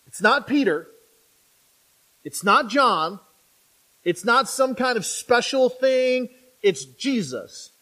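A man's voice: extremely high pitch, takes it slowly, long pauses. A man preaching a sermon in a conversational way. He often checks in with "right?" and acts out imagined speakers. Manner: conversational, with frequent "right?" tags to the congregation; animated, acting out imagined speakers.

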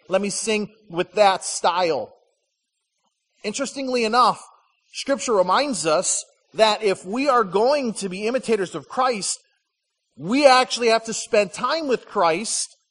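Male pastor from Michigan, fairly high voice, chatty sermon with storytelling, reverberant hall. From Michigan, USA. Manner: storytelling, acts out quoted voices. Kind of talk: conversational sermon.

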